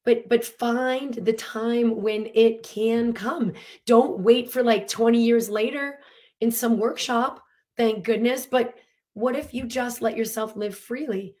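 A woman speaking as a coach in a casual teaching talk about emotions. She is animated and earnest, laughing often, using many fillers, and breathing and sighing audibly to demonstrate. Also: a little high, slow pace.

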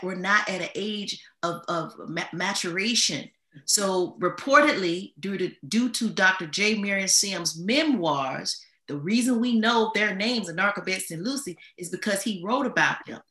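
Bright-voiced woman explaining slowly. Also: mid-range voice, echoey room. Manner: measured, deliberate explanation. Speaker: guest historian. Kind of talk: podcast discussion.

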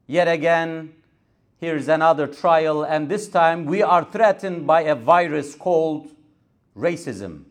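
An imam giving a Friday sermon from a mosque pulpit, with a repetitive rhetorical cadence and Arabic recitation. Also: male voice, fairly high pitch, unhurried.

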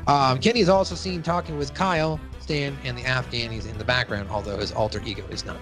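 A man hosting a loose, jokey podcast, talking at an ordinary mid pitch. He rattles off sponsor plugs and episode recaps in a casual, offhand way, with faint music sitting under his voice. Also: steady tone, fast, fairly bright tone. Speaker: podcast host.

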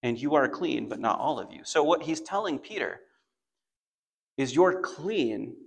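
A man teaching a Bible passage in a conversational sermon, rising into animated bursts as he retells the story. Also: on the high side, unhurried, creaky. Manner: conversational, animated when voicing Peter.

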